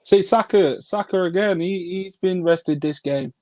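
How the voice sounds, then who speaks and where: Male fan co-host, passionate and urging, fairly high voice, dry close recording. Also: unhurried, darkish tone, no echo, low-quality recording. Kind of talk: casual live watchalong chat.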